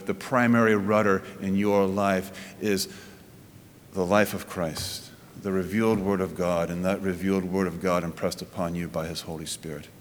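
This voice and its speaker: Man preaching in an echoing church hall. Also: a little hiss or hum. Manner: conversational preaching, rises and falls in pitch, frequent restarts. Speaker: pastor. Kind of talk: sermon.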